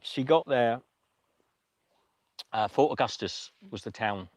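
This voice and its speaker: A man hosting a livestream, telling a story in a casual, emotional way with many halting restarts. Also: medium pitch. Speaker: livestream host.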